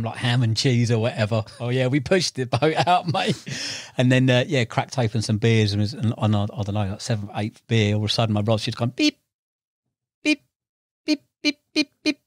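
A young man, a podcast guest, telling stories in casual chat, animated and laughing, acting out voices now and then. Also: mid-range voice, dry recording, clean studio sound. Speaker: podcast guest, tackle shop owner and angler.

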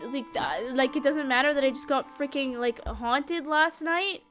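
A young woman with a high, bright-pitched voice gives let's play commentary, excitable and dramatic, quick to panic and crack jokes. Faint game music plays underneath her voice. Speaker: gaming YouTuber.

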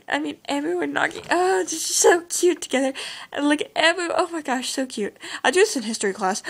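A teenage vlogger chats casually while showing off her own drawings, gushing and rambling with plenty of "like" and "oh my gosh." Her voice is fairly high and a bit bright, and the audio is poor.

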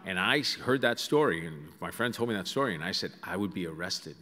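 A man with a fairly low voice spins comic stories for a live audience, chatty and animated, full of asides and fillers. His voice rings out with the long reverb of a big auditorium. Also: quick pace. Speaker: guest speaker. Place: large auditorium. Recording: reverberant hall sound.

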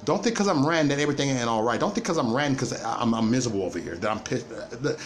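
Man ranting with a lively voice. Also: mid-range voice, racing. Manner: emphatic, repetitive, stammering restarts. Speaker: livestream host. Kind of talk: ranting livestream monologue.

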